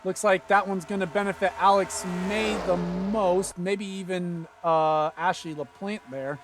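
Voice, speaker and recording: A man doing play-by-play commentary for an online sim race, getting excited and loud at the big moments. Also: measured pace, noisy background. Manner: excited, rises to high-pitched calls at big moments.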